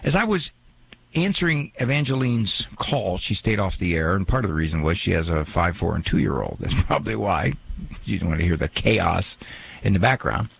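A man's voice: low-pitched, animated, moderate pace, creaky, breathy edge. A man hosting a radio talk show, chatting in a joking, self-mocking way and acting out little quoted asides. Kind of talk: casual radio monologue.

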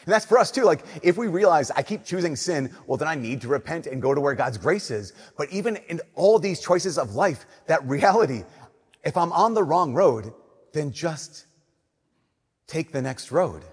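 Young male preacher, slightly high, husky voice, animated sermon in a hall with long reverb. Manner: animated storytelling, shifting between loud emphasis and soft slow delivery. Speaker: Catholic priest.

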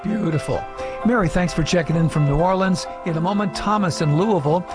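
A man hosts a call-in radio show in a brisk, upbeat manner, with a fairly high voice. Music sits clearly under his voice. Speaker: radio host.

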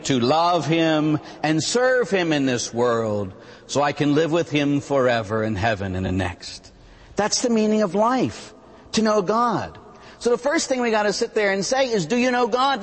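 A middle-aged man who is a Catholic priest, preaching a sermon in an animated way and mimicking voices and sound effects. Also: on the high side. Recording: long echo from a large hall.

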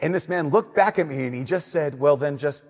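A young man, a Catholic priest, giving an earnest, conversational homily that drops to soft emphasis. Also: fairly high pitch, a little fast. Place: church. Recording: long church reverb.

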